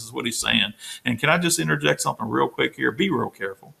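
A man's voice: mid-range voice, fast talker, vocal fry, bright, forceful tone. A man, a pastor, teaching a Bible study sermon in an earnest, emphatic way, restating his points to the listeners.

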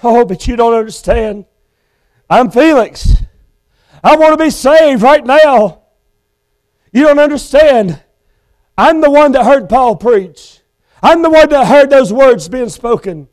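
Male preacher playing a frantic lost man begging at judgment; stammers, pitched up. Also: lively intonation, slow pace, long pauses, a little mellow, heavily acted. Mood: desperate. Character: desperate lost man Felix pleading at judgment.

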